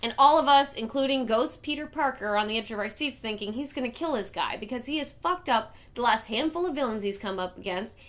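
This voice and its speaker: Woman host, comic reviewer, slightly high voice, loose, profane, animated delivery. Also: a little fast, hardly any pauses. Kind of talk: casual review vlog.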